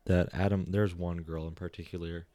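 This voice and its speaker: A man's voice: deep voice, flat delivery, normal speed, dark tone, no echo. A man co-hosting a podcast, chatting casually and retelling things he has watched. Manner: chatty, retells clips with quoted voices. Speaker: podcast co-host. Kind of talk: casual chat.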